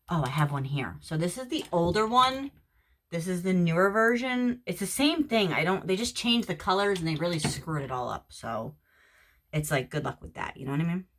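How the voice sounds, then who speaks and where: Woman, middle-aged, low voice, from Florida, casual makeup tutorial chat, sometimes whispers. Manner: chatty, talks to a friend while doing makeup, drops to soft whispers at times. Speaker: makeup vlogger. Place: at home during quarantine.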